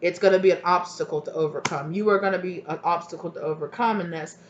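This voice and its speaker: A woman's voice: fairly low pitch, fast talker, slight background noise. Woman, casual tarot reading, chatty, rambling restarts, roomy echo, slightly dull sound. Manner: chatty, trails off and restarts mid-thought. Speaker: tarot reader.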